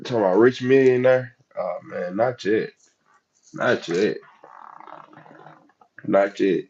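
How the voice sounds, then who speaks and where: A man's voice: fairly low pitch, takes it slowly, darkish tone, lo-fi sound, a little hiss or hum. A man with a Southern US accent who grew up in the United States, talking casually and chattily to his chat as a livestream host. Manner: chatty, laid-back, talks straight to chat.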